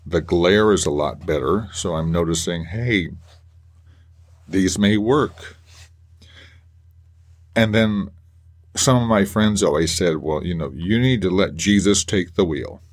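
A man hosting a faith podcast, talking earnestly and emotionally with halting restarts. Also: deep voice. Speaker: podcast host. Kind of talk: personal faith podcast monologue.

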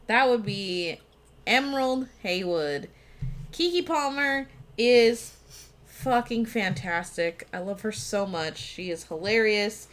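A woman's voice: medium pitch, lively intonation, slow. A woman on a podcast eagerly talking about a favorite film role, swearing casually and cutting in to correct her co-host. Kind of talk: casual movie discussion.

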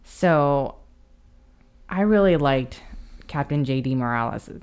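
A woman co-hosting a casual film podcast, talking with eager, halting restarts. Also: very deep voice, expressive, darkish tone, clean tone. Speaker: podcast co-host. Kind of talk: casual chat.

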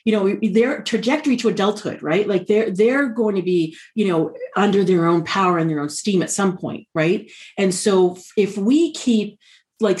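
A woman talking as a podcast guest in an emphatic, animated way, speaking over a video call. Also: medium pitch. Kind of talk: casual podcast conversation.

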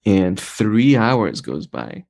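A film director, a man with a fairly low, gravelly voice, recounts an anecdote in conversation. He talks with lively energy and slips into the voices of the people in his story. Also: drawn-out words.

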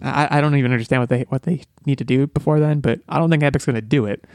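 A young man co-hosting a podcast in casual chat, rambling and breaking off mid-sentence into animated asides. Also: mid-range voice, racing, no echo. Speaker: podcast co-host.

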